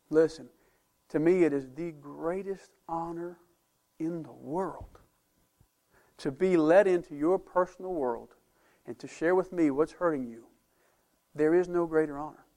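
Emphatic preaching man, slightly high voice. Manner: emphatic preaching, rising and falling loudness; conversational asides to the congregation. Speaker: pastor. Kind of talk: sermon.

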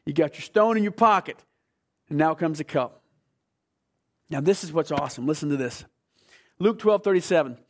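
A man preaching a sermon, emphatic, asking the congregation questions and swinging between loud bursts and quiet stretches. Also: a little high, expressive, normal speed, long pauses.

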